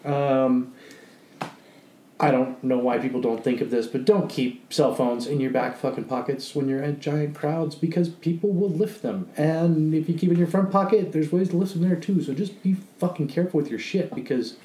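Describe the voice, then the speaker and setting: Blunt, mellow-voiced podcast man. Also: a little high, normal speed, reverberant, poor audio. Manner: blunt, swears freely. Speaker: podcast co-host. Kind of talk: casual chat.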